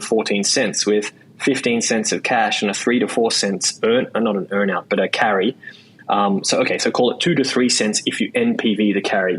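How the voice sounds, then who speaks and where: A man's voice: on the low side, a little hiss or hum, poor audio. A man with an Australian accent, a podcast guest talking in a loose, chatty way, with many restarts and repeated words. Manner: quick, loose talk full of "like" and "right?". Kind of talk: casual interview chat.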